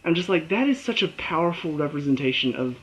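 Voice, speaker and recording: A man reviewing a TV episode in a casual solo talk, animated and acting out the characters' lines and his own reactions. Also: a little high, quick pace, rough recording. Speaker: TV show reviewer.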